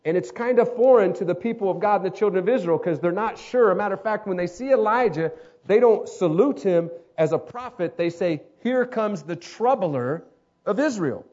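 A man preaching a sermon, dramatic, acting out voices and swinging between loud calls and hushed lines. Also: sits high, brisk. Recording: dull lo-fi sound.

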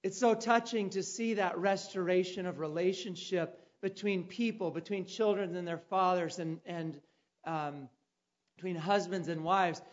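A man preaching a sermon, telling a personal story with dramatic turns and loud calls. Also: high voice, steady tone, measured pace, highs cut off. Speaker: pastor.

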